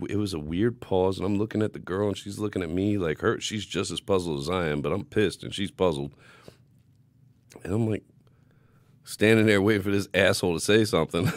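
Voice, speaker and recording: A man co-hosting a casual podcast chat, telling stories in a profane, animated way. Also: deep voice, normal speed, long pauses, no room sound. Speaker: podcast co-host.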